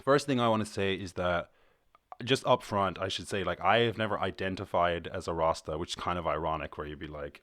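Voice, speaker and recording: A man's voice: low-pitched, animated, brisk, dry recording, clean studio sound. A young Irish man in his twenties hosting a podcast, rambling loosely in casual chat, swearing and restarting his sentences. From Ireland. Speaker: podcast host.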